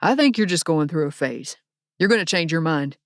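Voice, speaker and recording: A woman's voice: low voice, expressive, moderate pace, no echo, clean studio sound. A woman voicing a bitter, jilted young fiancé. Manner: bitter, accusing. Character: angry hurt young man, jilted fiancé.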